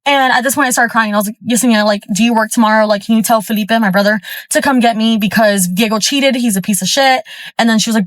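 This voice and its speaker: A woman from Florida with a fairly high voice tells a story in a chatty, fired-up way, stuffing every sentence with fillers. She is recorded at a gym, and the sound is close and dry with no room echo. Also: fast talker. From Florida, USA. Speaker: storyteller vlogger. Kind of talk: casual storytime monologue.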